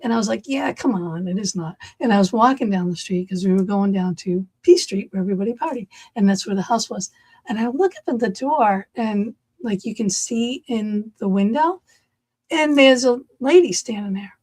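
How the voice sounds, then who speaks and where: A middle-aged woman, a podcast host, telling a personal story in an animated, chatty way and laughing along. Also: medium pitch, normal speed. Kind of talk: casual podcast conversation.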